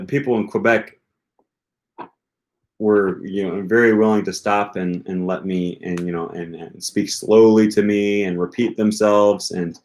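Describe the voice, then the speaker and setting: A man with a fairly low voice chats casually through a livestream Q&A. He rambles and hesitates, with plenty of filler words between his thoughts. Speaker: language-learning channel host.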